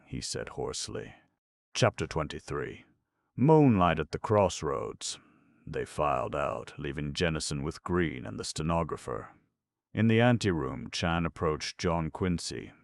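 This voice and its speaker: A man narrating an audiobook in a steady, even storytelling manner. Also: very deep voice, a little slow, creaky, dry recording, clean studio sound.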